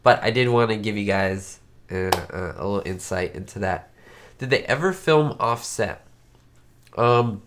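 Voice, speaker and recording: A man's voice: on the low side, fairly bright tone. A man hosting a live-stream chat, his voice nasal and congested from a cold, talking in a chatty, rambling way with many fillers. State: sick, congested. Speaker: YouTube host. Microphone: webcam setup.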